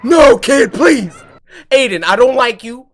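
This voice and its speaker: A young man doing comedic reaction commentary, loud and animated, joking in slang and yelling at the screen. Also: extremely high pitch, unhurried. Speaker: gaming and video reaction host. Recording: voice over loud music from the video.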